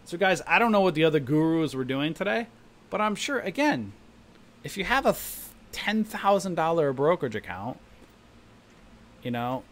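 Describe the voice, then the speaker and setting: On a live stock trading stream, a man gives market commentary, explaining charts and animatedly acting out panicking new traders. His voice is a little high and moves at a moderate pace.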